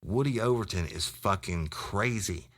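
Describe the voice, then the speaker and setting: A man's voice: lowish voice, unhurried, fairly bright tone, voice pushed up. A man doing a blunt, cursing narcotics cop. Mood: warning. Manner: profane, warning.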